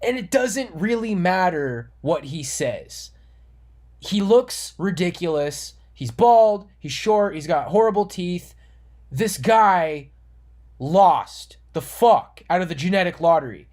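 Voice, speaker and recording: A man's voice: sits high, lively intonation, slow pace, a little mellow. Earnest man ranting to camera. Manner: earnest, moralizing, repeats himself, restarts words. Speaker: online commentator. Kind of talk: monologue rant.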